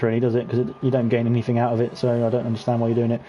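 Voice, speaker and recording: A man's voice: mid-range voice, racing, few pauses, lo-fi sound. A British man hosting an online racing league, chatting and teasing the drivers while he commentates from a home gaming setup. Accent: British English. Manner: chatty, teasing, lively when racing action picks up. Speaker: league race host and commentator. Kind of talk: casual sim-racing stream commentary.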